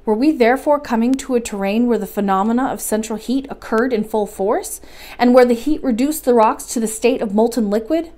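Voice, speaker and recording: A woman reading a classic adventure novel aloud as a bedtime story, in calm, measured storybook narration. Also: fairly high pitch. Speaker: library storyteller.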